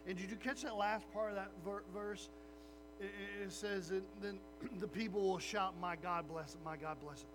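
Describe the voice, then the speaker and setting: A man preaching a sermon as a pastor, animated and acting out little voices of his listeners. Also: high-pitched, noisy background.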